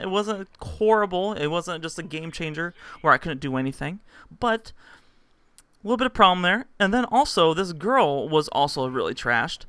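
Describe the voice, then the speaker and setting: Chatty young man, bright crisp voice. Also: on the high side, moderate pace, dry recording. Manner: rambling, animated, heavy on fillers and acted-out quotes. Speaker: vlogger. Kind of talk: casual storytelling to camera.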